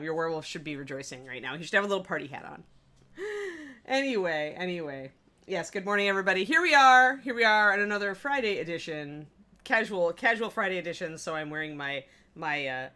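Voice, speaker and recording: A woman's voice: fairly low pitch, expressive, brisk, pushed and bright. A woman hosting a casual live stream, bubbly and chatty, laughing often. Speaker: host of a miniature painting stream.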